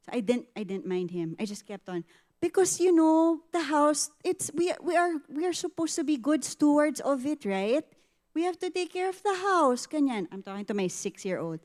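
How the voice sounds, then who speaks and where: A woman's voice: a little high, moderate pace. A middle-aged woman with a Filipino accent, giving a conversational sermon testimony at a women's ministry, telling stories vividly, slipping into Tagalog and acting out what people said. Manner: animated storytelling, switching into Tagalog, acting out quotes.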